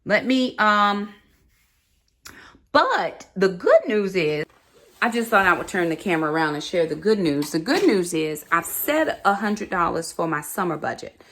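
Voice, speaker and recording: A woman's voice: fairly low pitch, sing-song, a little slow, fairly bright tone. Chatty mom talking to her camera. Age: adult, mother of four. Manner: chatty, talks straight to viewers, says y'all. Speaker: family vlogger. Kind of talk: casual grocery haul vlog. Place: home kitchen.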